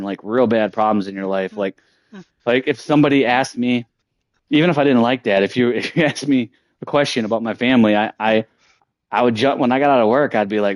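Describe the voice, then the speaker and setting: A man's voice: mid-range voice, fast, no room sound. A man telling a story casually, rambling and profane, with many fillers and restarts.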